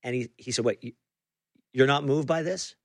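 A man's voice: mid-range voice, normal speed, no echo, studio quality. A man hosting a conversational interview, telling a story with frequent restarts and fillers. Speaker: interview host.

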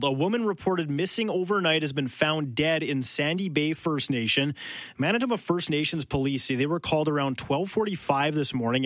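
A man reading the news as anchor, with a steady, measured delivery. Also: a little high, no echo. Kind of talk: radio newscast reading.

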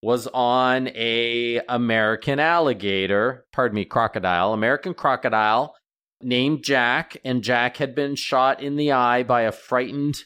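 A middle-aged man, a veterinarian guest, telling stories in a casual radio interview with lively jumps in pitch. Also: measured pace, clear, resonant tone. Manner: animated storyteller, pitch jumps up when excited.

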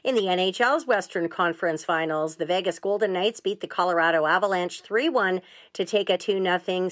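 A woman news anchor reading a radio newscast in a measured, even delivery. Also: mid-range voice.

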